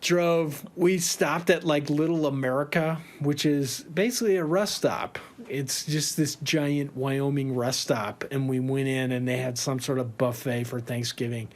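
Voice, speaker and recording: A man telling a tour story in a casual, animated way, laughing often and swearing freely. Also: medium pitch, a little slow, hardly any pauses.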